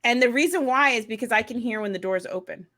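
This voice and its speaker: A woman's voice: fairly high pitch, quick pace, sharp tone. A middle-aged woman and mother co-hosting a casual chat, blunt, swearing freely and laughing often. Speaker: podcast co-host, mother.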